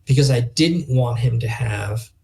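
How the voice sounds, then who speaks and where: A man's voice: medium pitch, creaky, a little mellow, a little hiss or hum. A middle-aged man speaking earnestly and reflectively as a podcast guest, sometimes emotional as he tells a personal story. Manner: earnest, reflective, quick to emotion, acts out quoted dialogue. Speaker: guest, youth organization leader. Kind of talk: conversational podcast interview.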